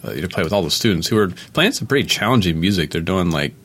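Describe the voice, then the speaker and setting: Deep-voiced male co-host, relaxed chatty manner. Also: fast talker. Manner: easygoing, filler-heavy, laughs often. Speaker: podcast co-host. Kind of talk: casual chat.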